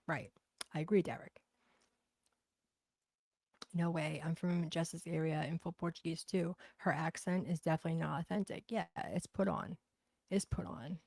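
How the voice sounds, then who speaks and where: A woman's voice: lowish voice, creaky, a little mellow, no echo. A woman with a thick Boston accent chatting bluntly and profanely on a livestream, reading out comments. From Boston, USA. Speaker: livestream host.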